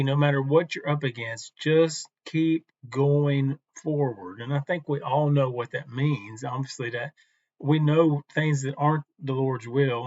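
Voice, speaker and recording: A man teaching from the Bible in a relaxed, conversational devotional talk, unhurried and with some restarts. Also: mid-range voice, no echo, muffled recording.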